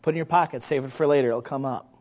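A man preaching a sermon, talking conversationally to the congregation and often asking them questions, then building from quiet asides into loud, emphatic exclamations. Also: medium pitch, rapid-fire. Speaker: pastor. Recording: muffled lo-fi recording.

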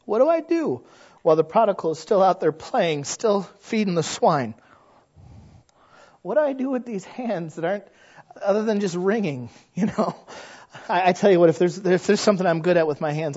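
A male pastor preaching a sermon, animated and folksy, asking rhetorical questions and joking at his own expense. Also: sits high, normal speed, pauses often, muffled recording. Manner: animated, frequent rhetorical questions and self-deprecating humor.

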